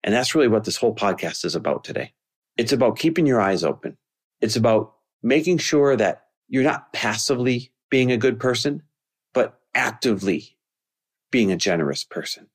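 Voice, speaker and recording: A man hosting a podcast, telling a personal story in an earnest monologue that rises to an impassioned pitch when he makes his point. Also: lively intonation, normal speed, breathy edge. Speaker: podcast host.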